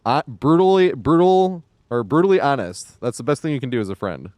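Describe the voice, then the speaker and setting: A man chats on a live game stream in a loose, rambling way. He swears casually and laughs easily. His voice sits at an ordinary middle pitch. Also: very animated, quick pace, darkish tone, dry recording. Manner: rambling, profane, chuckles often. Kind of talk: casual live-stream chat while gaming.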